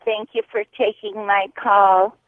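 A woman's voice: medium pitch, level tone, measured pace, no echo. A woman from Washington State calling in to a radio show, asking a question politely. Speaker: caller. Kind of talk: radio call-in. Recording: tinny phone line.

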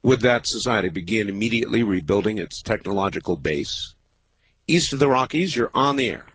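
A man hosting a late-night call-in radio show, talking in a measured, halting way with many pauses. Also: fairly low pitch, expressive, fairly bright tone, breathy edge. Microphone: studio microphone.

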